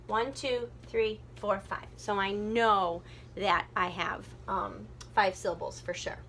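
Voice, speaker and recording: A woman teacher giving a recorded lesson, thinking aloud and slowly sounding out syllables. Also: medium pitch, fairly even intonation, fairly bright tone, slight background noise.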